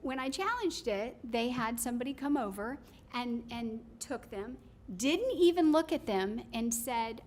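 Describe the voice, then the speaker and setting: A woman's voice: fairly high pitch, a little slow. A woman giving public comment at a county meeting, telling a story with lots of fillers and restarts. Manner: animated storytelling, many fillers. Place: county commission chamber.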